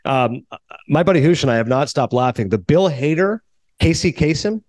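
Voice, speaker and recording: A man in his forties hosting a podcast, telling stories in a casual chat and acting out what others said. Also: a little high. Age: 40s. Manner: animated, acts out others' lines in quick storytelling. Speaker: podcast host.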